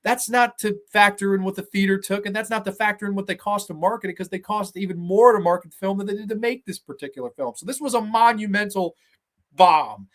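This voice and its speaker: High-pitched guy in his 20s, swears a lot, animated, rambly. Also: brisk. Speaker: host. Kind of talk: casual storytelling and movie commentary.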